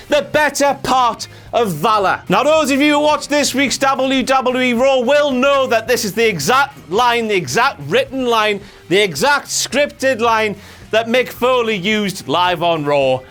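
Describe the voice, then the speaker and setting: A very high, bright and forceful voice on a man hosting a comedy rant. He is brash and swears, swinging from shouts to low mutters. Faint music plays underneath. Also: animated, measured pace. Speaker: host.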